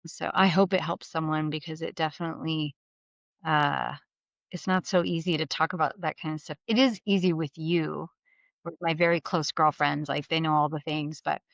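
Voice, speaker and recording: A middle-aged woman with a fairly low voice, talking as a guest on an interview podcast. She tells lively stories, jumps into the voices of the people she quotes, and laughs as she goes. The sound is dry and slightly dull. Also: normal speed, vocal fry, dry recording. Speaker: guest, mortgage business leader. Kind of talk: candid storytelling interview.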